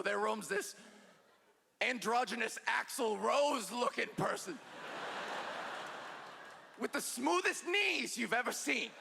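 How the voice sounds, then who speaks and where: A woman voicing a straight young man telling a campfire legend, with spooky, dramatic, half-shouted delivery. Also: fairly high pitch, creaky, noisy background, exaggerated voice. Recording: echoey hall with crowd.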